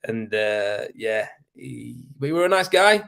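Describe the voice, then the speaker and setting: A man's voice: medium pitch, very animated, a little slow, creaky, a bit bright, clean tone. A man, a plasterer, chatting casually on a live stream and telling work stories, laughing often and swearing freely.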